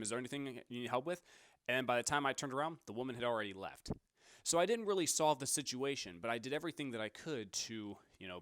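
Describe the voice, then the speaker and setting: A man's voice: mid-range voice, fairly bright tone, no room sound, studio quality. Rambling young man telling a story. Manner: rambling, self-correcting. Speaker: podcast host. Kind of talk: casual storytelling.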